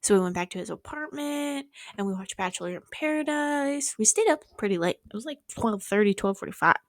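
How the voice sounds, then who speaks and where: A young woman in her twenties chatting casually and fast, rambling with sarcastic, sweary asides, speaking into a mic held close to her mouth. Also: mid-range voice, lively intonation, no echo. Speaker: vlogger. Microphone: close mic held near the mouth.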